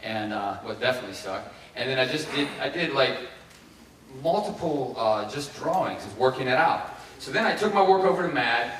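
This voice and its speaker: A middle-aged man from Ohio giving a keynote talk, telling his story with lively acted-out quotes. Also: medium pitch, a little fast, a little hiss or hum. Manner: animated, acts out quoted voices. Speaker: keynote speaker. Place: large conference hall. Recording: echoey hall, heard from far off.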